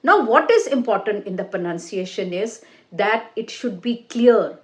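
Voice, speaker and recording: A woman who is a former IELTS examiner, giving an exam-prep lesson, explaining deliberately with fillers and restarts. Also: medium pitch, expressive. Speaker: English teacher and ex-IELTS examiner.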